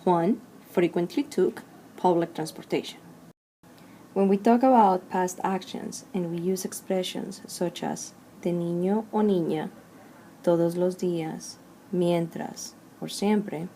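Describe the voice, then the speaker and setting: A woman teaching a recorded Spanish grammar lesson, slowly and clearly drilling verb conjugations one form at a time. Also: lowish voice, steady tone, dark tone, a little hiss or hum.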